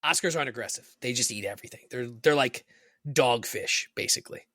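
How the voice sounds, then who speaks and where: A man co-hosting a casual podcast chat, telling lively stories with swearing and leaping into high voices to mimic people. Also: fast, no room sound, clean studio sound. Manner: animated storyteller, swearing, jumps high in pitch to mimic voices. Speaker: podcast co-host.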